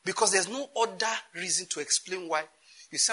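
Nigerian male pastor, sermon delivery, animated and questioning, very forceful and tense tone. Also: high voice, brisk. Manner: animated, rhetorical questions, laughs often.

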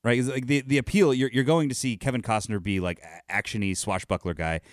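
A man's voice: mid-range voice, steady tone, a little fast, dry recording, clean studio sound. A man co-hosting a podcast in casual chat, laid-back and often chuckling. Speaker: podcast co-host.

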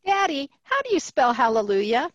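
A small child pipes up in a high, whiny voice, as a woman acts it out. The sing-song pitch bounces around, and the recording sounds slightly dull and lo-fi. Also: very animated, brisk, no room sound. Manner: piping and childlike. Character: small whiny child asking daddy questions.

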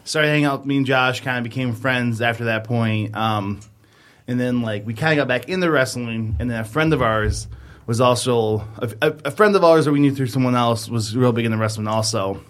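A man's voice: medium pitch, fairly quick. A man in his thirties, a podcast co-host, telling a long rambling story in casual chat, full of fillers.

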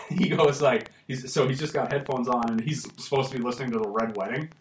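A man's voice: medium pitch, steady tone, fairly quick. A man hosting a podcast in casual chat, rambling and laughing as he tells stories. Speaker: podcast host. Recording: echoey room, mic at a distance, faint hiss.

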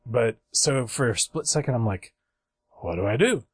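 A man's voice: medium pitch, animated, normal speed, slightly rough, no room sound. A young man on a podcast telling a long rambling story in casual chat, acting out other people's voices and laughing at himself.

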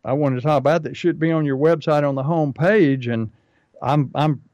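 A man's voice: on the high side, normal speed, a little mellow, no room sound. A man co-hosting a talk, giving business advice in an emphatic, repetitive way that drives each point home.

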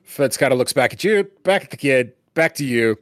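A man's voice: mid-range voice, expressive, normal speed, no echo, clean studio sound. Laughing, hesitant game master man. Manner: hesitant, lots of fillers and laughs. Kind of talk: running a tabletop game.

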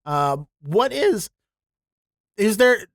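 A man's voice: sits high, sing-song, drawn-out words, dry recording, studio quality. A man hosting a casual comedy podcast, joking and riffing with his guest. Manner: joking, riffs into mock bits. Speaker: podcast host.

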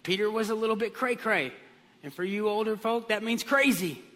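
A man's voice: high voice, normal speed. A man pastor preaching a sermon, telling stories with comic voices. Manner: animated storytelling with comic voices. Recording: long hall reverb.

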